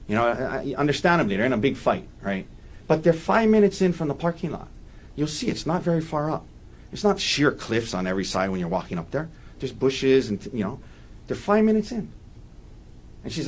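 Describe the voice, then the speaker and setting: A man's voice: fairly high pitch, big pitch swings, moderate pace. A man giving a courtroom opening statement as defense attorney, emphatic and repeating key points for weight.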